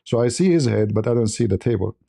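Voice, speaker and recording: A man's voice: mid-range voice, expressive, fast, vocal fry, dark tone. A man from the Middle East, a channel host, telling a story on a livestream in broken conversational English and chuckling often.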